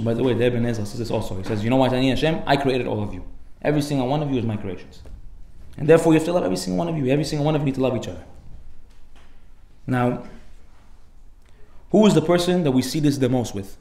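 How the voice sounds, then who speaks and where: A man giving a casual, lively Torah class, acting out the people in his stories with sudden loud outbursts and mixing Hebrew terms into everyday English. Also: medium pitch, fast talker, vocal fry, echoey room. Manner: animated storyteller, acts out characters with sudden loud outbursts. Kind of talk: lively informal Torah lecture.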